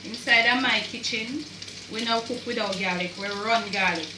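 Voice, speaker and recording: Medium in pitch and moderate in pace, this Jamaican home cook chats through a casual cooking demonstration in her kitchen, repeating herself and slipping in creole words. Background noise fills the echoey room, she's far from the mic, and a pan sizzles as food fries.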